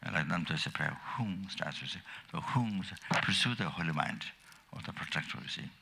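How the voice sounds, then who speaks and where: An older man giving a Dharma teaching as a Buddhist teacher, speaking in a halting, rambling way with many fillers and restarts, and coughing often. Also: rumbling low, gravelly, sharp tone, a little hiss or hum.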